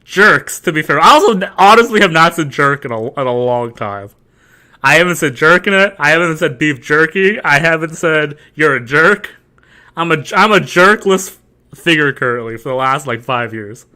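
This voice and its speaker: A male streamer with a bright, fairly high voice that swings widely as he jokes with his chat. He laughs often and keeps up a playful, teasing banter while playing. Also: expressive, normal speed. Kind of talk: live game commentary.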